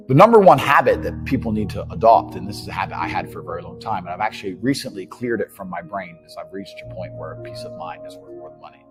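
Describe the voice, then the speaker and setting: A man's voice: fairly low pitch, expressive, fast talker, hardly any pauses, music in the background. A man giving a motivational monologue about money, blunt and brash, swearing freely and acting out the people he quotes. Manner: brash, blunt and profane, acts out quoted dialogue. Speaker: entrepreneur speaking on money.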